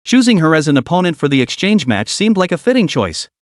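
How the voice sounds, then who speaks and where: A man narrating a fantasy story recap in a steady, dramatic storytelling manner. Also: fairly high pitch, fast, no echo, studio quality.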